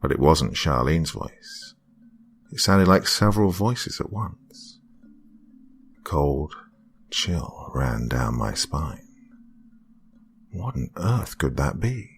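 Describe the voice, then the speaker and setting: A man with a very low, deep voice reads a first-person horror story. His delivery is hushed and dramatic and often drops to a whisper. Faint music plays underneath. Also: huge pitch swings, slow pace, long pauses. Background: faint background music.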